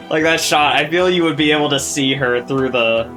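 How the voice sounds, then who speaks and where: Guy reacting to a show, bouncy lively voice, swears a lot, music from the episode behind him. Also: a little high, slow pace. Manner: excitable, swears casually, talks back at the screen. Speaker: reaction video host. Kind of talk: casual reaction commentary. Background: show audio and music playing.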